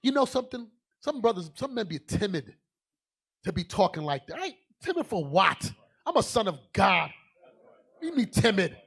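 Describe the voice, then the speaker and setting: Man, bishop, fiery sermon, high-pitched, calls out to the congregation. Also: sing-song, moderate pace, creaky, breathy edge. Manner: swings from low asides to loud shouting. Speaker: bishop preaching.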